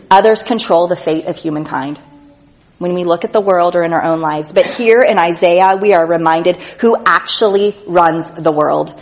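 A woman's voice: fairly low pitch, rough recording. Earnest woman preaching a sermon. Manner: earnest, emphatic reading of scripture with slow stressed words; drops soft and quiet on tender lines. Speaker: speaker at a church gathering.

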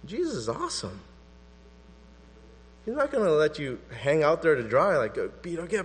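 A man preaching a sermon in an animated, conversational way, acting out quotes as he goes. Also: a little high, normal speed, long pauses, husky. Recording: long hall reverb with mains hum.

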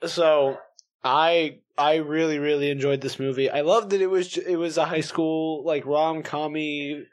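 Podcast co-host, male, slightly high voice, rambling and loose. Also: fairly even intonation, a little slow. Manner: rambling, restarts often, playful swearing. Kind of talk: casual chat movie review.

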